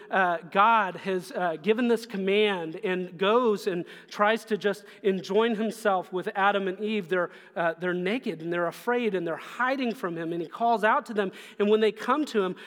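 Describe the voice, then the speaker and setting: A man with a notably high voice delivers an earnest sermon, pressing his listeners with question after question. His words ring out with a long reverb, as if spoken in a large church sanctuary. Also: fairly bright tone. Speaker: pastor.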